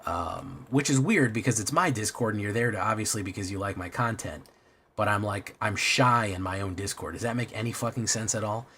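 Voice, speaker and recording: Male streamer, low voice, loose rambling chat with lots of swearing, faint room hiss. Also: brisk, sharp tone. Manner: rambling, self-deprecating, swears often. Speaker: streamer playing a card game. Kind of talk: casual live-stream chat.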